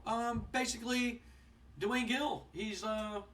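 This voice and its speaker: A man with a high voice narrating a wrestling sim playthrough in a relaxed, rambling way. He sounds a little distant from his microphone. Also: slow pace. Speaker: game let's player. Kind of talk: let's play commentary narrating a wrestling sim. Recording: voice distant from the mic.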